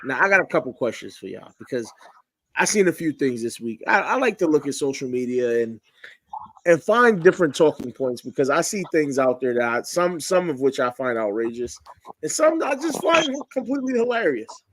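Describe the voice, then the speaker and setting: A man hosts a casual chat with his friends, animated and quizzing them. His voice sits high and bright. The room is dry and close. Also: brisk, no room sound. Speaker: podcast host.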